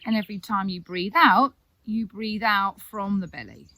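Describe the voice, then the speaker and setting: A woman guides a yoga breathing exercise in a soft, calm, reassuring voice. Her pitch sits in a middle register, and she leaves long pauses between her directions. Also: no echo. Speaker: yoga teacher. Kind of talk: gentle breathing instruction.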